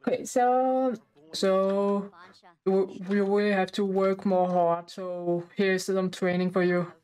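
Woman chatting through a sims game, kinda out of breath, lots of uhs and restarts, average pitch. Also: little pitch movement, a little mellow, clear, resonant tone, rough recording. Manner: halting, chatty, full of fillers and restarts. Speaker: gameplay narrator. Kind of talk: casual life-sim gameplay commentary.

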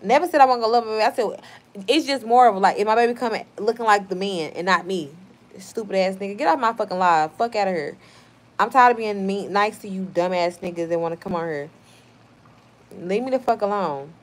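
A woman's voice: medium pitch, brisk. A woman in her thirties hosting a live stream, reading out viewer comments in a blunt, heated, profane way.

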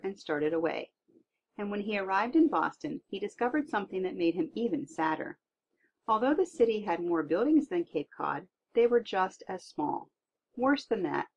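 A woman reading a tall tale aloud in an expressive storytelling manner. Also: mid-range voice, creaky, slight background noise. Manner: lively expressive read-aloud. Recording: dull lo-fi recording.

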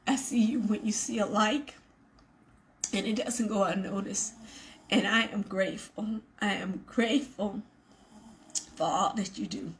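A woman's voice: medium pitch, steady tone, unhurried, pauses often, slight background noise. A woman hosting a faith program, giving an earnest devotional talk to her viewers, repeating her points for emphasis. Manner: earnest, emphatic repetition and asides to the audience. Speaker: ministry show host.

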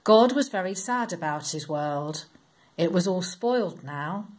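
A woman reading a Bible story aloud to children, in a slow, expressive, sing-song storytelling manner. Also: lowish voice.

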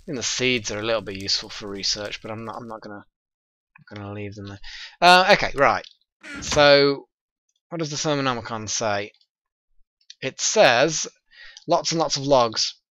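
A man casually commenting on his own gameplay, thinking aloud in a chatty, excitable way. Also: medium pitch, normal speed, pauses often, dull audio. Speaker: let's play host.

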